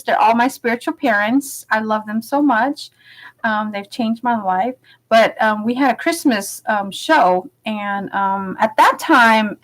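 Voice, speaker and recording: A woman's voice: on the high side, rough recording. A woman from Los Angeles telling a personal story in a chatty, candid vlog, with plenty of fillers and laughs. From Los Angeles, United States. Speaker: vlogger.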